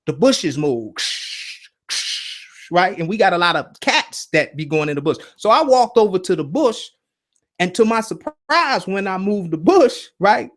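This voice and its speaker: A man hosting a casual spiritual talk, telling stories in an animated way and often checking in with "right?" and "you see?". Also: a little high. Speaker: host.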